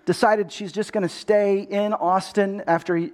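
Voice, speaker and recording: A middle-aged male pastor from Texas delivers a sermon in a noticeably high voice. He tells his story earnestly and often repeats the first word of a phrase as he goes. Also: fairly even intonation, unhurried.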